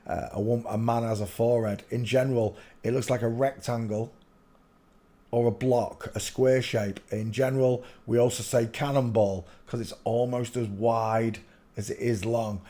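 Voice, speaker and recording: A man hosts a livestream from a room at home in a loose, rambling way. He breaks into sudden loud outbursts between stretches of plain talk. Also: mid-range voice, steady tone, moderate pace. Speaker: livestream host.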